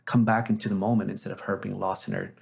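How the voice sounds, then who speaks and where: A man's voice: lowish voice, level tone, fast talker, gravelly, breathy edge. A man, a therapist, telling anecdotes as an interview guest in a casual, reflective way with frequent fillers.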